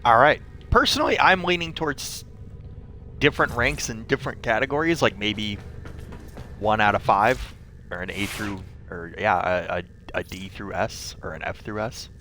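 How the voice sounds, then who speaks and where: A young man streaming a game, rambling in casual commentary with free swearing, self-mocking asides, and a scratchy throat he keeps clearing. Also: fairly low pitch, moderate pace, bright, forceful tone, soft background music.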